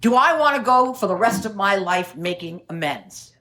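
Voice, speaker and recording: A woman's voice: mid-range voice, lively intonation, moderate pace, bright, forceful tone. Wry New woman sharing. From New York City. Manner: wry, self-mocking storyteller, laughs often. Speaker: AA speaker. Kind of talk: recovery meeting share.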